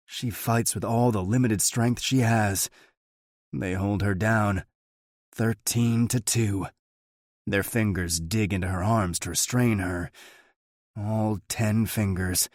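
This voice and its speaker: A man narrating a thriller audiobook in the first person, steady and measured. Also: fairly low pitch, no room sound, studio quality.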